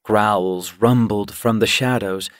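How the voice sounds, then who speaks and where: A man reading an audiobook in scripted, measured narration. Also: on the low side, steady tone, no echo, clean studio sound. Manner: measured, unhurried storytelling.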